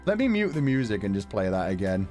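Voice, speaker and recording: A man casually chatting on a livestream, excitable, laughing often and swearing now and then. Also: on the low side, fast talker, soft background music. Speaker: streamer.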